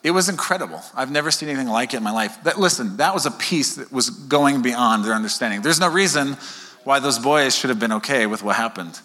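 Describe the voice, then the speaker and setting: A male pastor with a mid-range, fairly quick voice preaches to his congregation in a conversational, animated way. He keeps checking in with "okay?" and jokes with the crowd, and the recording carries a long hall reverb.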